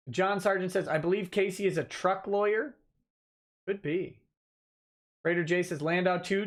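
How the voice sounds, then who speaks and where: A man hosting a casual livestream, reading viewer comments aloud and giving dry, offhand answers as a lawyer. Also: a little high. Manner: dry, offhand replies to chat.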